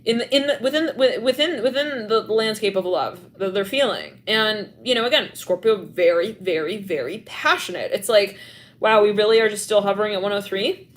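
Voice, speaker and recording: A young adult woman with a mid-range voice does a live-streamed tarot reading at normal speed, with a little hiss or hum in the background. She's animated and rambling, leaning heavily on "like," acting out little scenes and giggling often.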